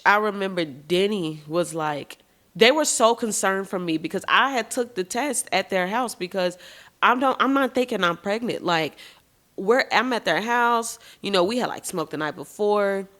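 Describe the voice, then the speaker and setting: A woman's voice: mid-range voice, normal speed. A woman hosting a podcast, telling her own story candidly, speaking straight to her listeners and swearing casually. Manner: frank and expressive, addresses listeners as y'all. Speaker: podcast host. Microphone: podcast microphone.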